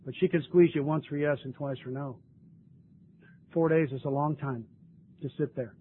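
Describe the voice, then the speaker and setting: Earnest older man, tinny lo-fi tape. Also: on the high side. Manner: earnest, emotional, tearful at times. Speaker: speaker sharing his story at a recovery meeting. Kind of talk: recovery meeting talk. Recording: tinny lo-fi recording with faint noise.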